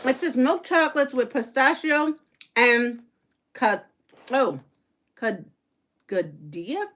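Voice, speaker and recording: Brief: middle-aged woman, livestream host, bubbly and chatty, bright and fairly high voice. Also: slow pace. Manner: chatty, excitable, reads viewer comments aloud. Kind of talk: casual live chat while unboxing.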